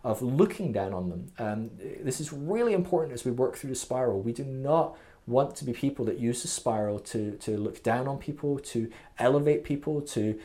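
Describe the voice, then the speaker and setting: A man's voice: mid-range voice, animated, moderate pace, mellow. A man hosting a faith podcast, explaining a development model in a casual, earnest teaching monologue, full of fillers, restarts and "okay?" checks. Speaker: podcast host teaching a spiritual growth model.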